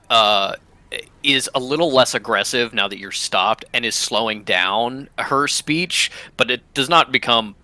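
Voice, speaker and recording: A man's voice: medium pitch, pushed and bright, no room sound. A man narrating as game master of a tabletop game, hesitant and full of ums and restarts.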